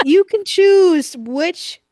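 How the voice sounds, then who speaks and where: A woman's voice: extremely high pitch, animated, extremely slow, mellow, no room sound, studio quality. A woman co-hosting a casual podcast chat, ranting bluntly and in exasperation, with swearing. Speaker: podcast co-host.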